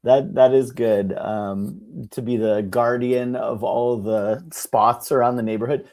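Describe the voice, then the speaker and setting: A young man co-hosting a casual chat show, an animated storyteller who acts out the people in his stories. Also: medium pitch, a little slow, hardly any pauses. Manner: animated storyteller, mimics people with shouts and laughs. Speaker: podcast co-host.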